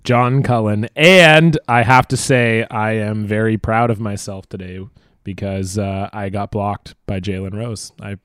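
A man's voice: lowish voice, measured pace, smooth, no echo, studio quality. Wisecracking young man co-hosting a podcast. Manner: wisecracking, deadpan boasts. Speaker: podcast co-host. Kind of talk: casual comedic sports chat.

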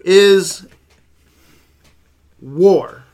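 A young man talks movies with his co-host in a loose, excitable way, swearing freely. His voice sits a bit high. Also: very slow. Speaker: podcast co-host. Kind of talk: casual movie chat.

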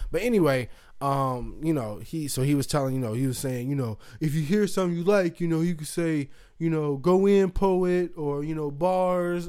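A man's voice: mid-range voice, a little mellow. A man hosting a podcast, telling a casual story loosely with lots of fillers and swearing, acting out other people's voices. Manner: loose, profane, full of fillers, acts out voices. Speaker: podcast host.

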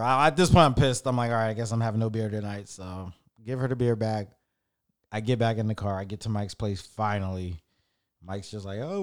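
A man's voice: fairly low pitch, clean tone. Rambling young man telling a story. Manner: rambling, self-correcting, animated retelling. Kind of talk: casual storytelling.

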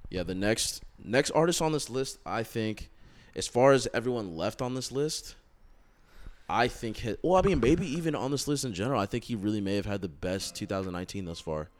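Casual co-host, male, smooth resonant voice, loose rambling delivery. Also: lowish voice, expressive, a little fast. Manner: rambling, lots of likes and ums. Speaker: podcast co-host. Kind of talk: casual chat.

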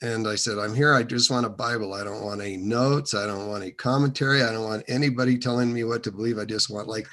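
A man's voice: lowish voice, steady tone, quick pace, hardly any pauses, fairly bright tone. A man being interviewed, telling his own faith story in a loose, rambling way with many restarts and fillers. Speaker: interview guest. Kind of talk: casual testimony.

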